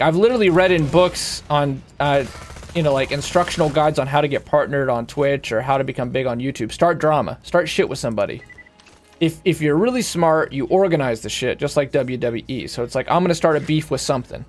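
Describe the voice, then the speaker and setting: A young male streamer with a slightly higher voice, talking off the cuff while he plays. He rants in a profane, rambling way, and his voice climbs when he gets worked up. Faint music plays behind him. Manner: profane, rambling, heated and emphatic. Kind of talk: casual rant while playing a game.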